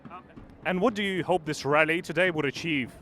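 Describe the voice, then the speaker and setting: A man with a slightly high voice interviews strangers at a street rally. He talks quickly, and his questions come out hesitant, full of ums and stammered restarts. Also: a bit bright, a little hiss or hum. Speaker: interviewer, independent YouTuber. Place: outdoors at a city street rally.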